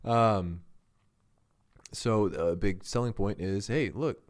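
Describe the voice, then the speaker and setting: A man with a lowish voice co-hosting a loose political podcast, dropping wry jokes and quick asides as he talks. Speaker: podcast co-host and editor. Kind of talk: casual political podcast chat.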